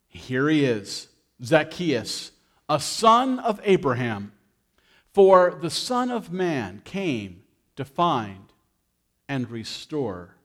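A man reading a sermon aloud and voicing Jesus as a calm male teacher, in a gentle announcing way. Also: a little high, full character voice.

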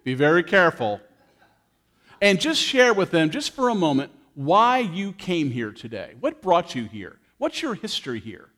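A man's voice: a little high, sing-song, moderate pace, a bit bright. A pastor giving a sermon in a church. He reads scripture, prays and playfully engages the congregation.

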